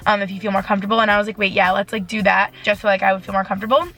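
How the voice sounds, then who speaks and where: A young woman vlogging in a casual, chatty and excitable way, filler-heavy and emotional, filmed on a phone held at arm's length. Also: mid-range voice, very fast. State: emotional, teary. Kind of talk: casual vlog talk. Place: walking outdoors and driving.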